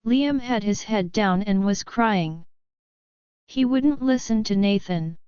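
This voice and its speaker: A woman narrates a scripted story slowly and with measured drama. Her voice is very smooth and clear at a middling pitch. The recording is dry and a bit dull. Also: a little mellow, no room sound.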